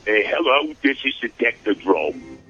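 A man's voice: medium pitch, sing-song, a little slow, lo-fi sound, over loud music. A man voicing a nervous henchman who answers the phone and is afraid to wake his boss. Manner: hesitant, timid.

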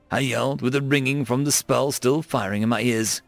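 Male audiobook narrator, gravelly, lively pitch, dry close sound. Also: moderate pace, hardly any pauses, no room sound, soft background music. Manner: steady storytelling, voicing each character.

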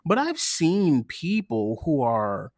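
A man's voice: fairly high pitch, slow pace, no echo, clean studio sound. A young man co-hosting a casual film podcast, telling stories and acting out what others said. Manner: animated storyteller, acts out quotes of others. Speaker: podcast co-host. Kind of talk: casual chat.

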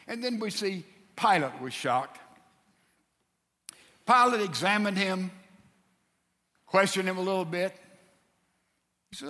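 A man preaching a sermon in a high, bright, forceful voice. He tells the story with animation and acts out its characters. His voice rings with the long reverb of a church hall. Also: normal speed, long pauses.

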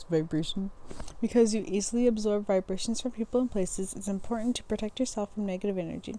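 A woman's voice: medium pitch, quick pace, warm tone. A young woman hosting a podcast, reading astrology descriptions aloud in a loose, casual way, stumbling over words, restarting lines and laughing at herself. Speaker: podcast host.

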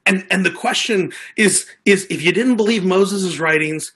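A man preaching a sermon in an earnest, conversational way, often circling back over his words. His voice sits a little high for a man and has a husky edge. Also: measured pace, a bit bright. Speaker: pastor.

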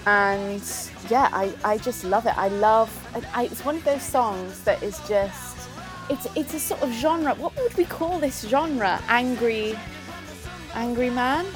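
A young woman from the south of England with a posh accent, chatting casually and cheerfully about her favourite songs, lively and quick to laugh. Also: fairly high pitch, music in the background. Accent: posh southern English. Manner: chirpy, lively, laughs often. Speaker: guest sharing favourite songs. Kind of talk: casual chat.

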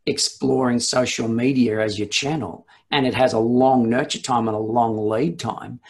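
A man's voice: mid-range voice, steady tone, moderate pace, vocal fry, darkish tone. A middle-aged man hosting a casual business conversation. He asks long, winding questions and challenges his guest's answers in an easygoing way. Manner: probing, rambling questions. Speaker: host.

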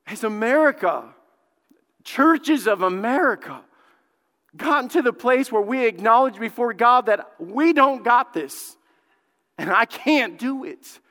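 A male lead pastor preaching a sermon, fervent, dropping to a hushed plea and then rising loud, and often repeating words as he builds a point. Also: very high voice, lively intonation, measured pace. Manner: fervent, swings from hushed pleading to loud outbursts. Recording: long hall reverb.

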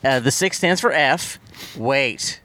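A man's voice: animated, slow, bright, forceful tone, slight background noise. A man co-hosting a comedy movie podcast, chatting playfully and joking around, recorded in a car. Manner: playful, jokey, breaks into goofy high voices. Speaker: podcast co-host. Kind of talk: casual comedic chat.

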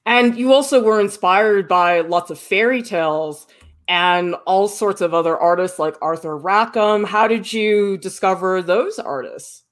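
A woman's voice: medium pitch, a little slow. A woman interviewer asking curious, prompting questions.

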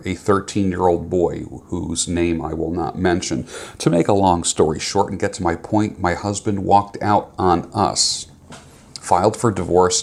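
A man's voice: low-pitched, creaky. A man on a YouTube video, talking to camera and earnestly reading a viewer's letter aloud.

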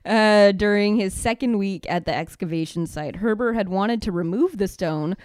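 A woman's voice: mid-range voice, moderate pace, a little mellow, clear, resonant tone, no room sound, studio quality. A woman co-hosting a casual comedy podcast, reading a news article aloud with joking asides and frequent laughter.

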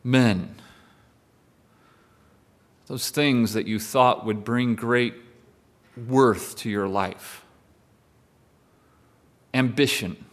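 A man's voice: mid-range voice, drawn-out words, long pauses. A male pastor preaching a sermon in a conversational way, with wry asides to the congregation.

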